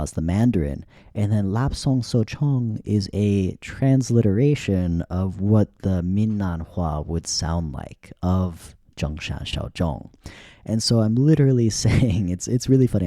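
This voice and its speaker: Low, mellow man talking casually. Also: no room sound, clean studio sound. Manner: casual, digressive, thinking aloud with restarts. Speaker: podcast host. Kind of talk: solo podcast talk. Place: living in China.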